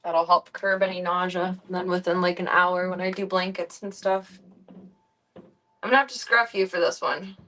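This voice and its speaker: A woman streamer in casual chat, talking softly and coaxingly to her pet. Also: on the low side, steady tone, normal speed, a little hiss or hum. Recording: distant mic.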